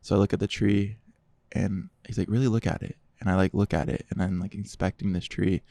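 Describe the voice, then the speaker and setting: A man speaking as a podcast guest, telling his testimony in a casual, animated way and quoting others in dialogue. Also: low voice, brisk, gravelly, no room sound.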